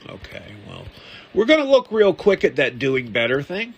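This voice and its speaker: A man's voice: on the high side, sing-song, moderate pace, slightly rough, highs cut off. Sarcastic rambling male podcast host. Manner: sarcastic, rambling, muttering asides. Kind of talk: casual political commentary.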